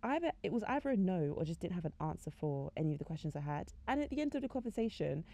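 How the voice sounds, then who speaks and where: A woman's voice: lowish voice, very animated, fast, mellow, no room sound. A young woman giving a casual faith-based talk, chatty with many "like" fillers, acting out conversations she recounts. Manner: chatty, frequent "like" fillers, acts out quoted conversations. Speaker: faith podcast speaker.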